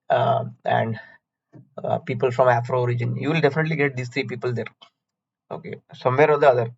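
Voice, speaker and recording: A man's voice: medium pitch, lo-fi sound. A man teaching a certification course, chatty, asking and answering his own questions with homely analogies. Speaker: instructor. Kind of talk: recorded certification lecture.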